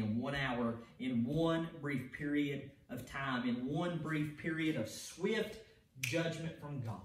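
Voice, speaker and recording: This evening sermon comes from a male pastor with a medium-pitched voice, preaching emphatically in a church sanctuary and often repeating words or restarting phrases. The sound is echoey and distant, with a little hiss or hum.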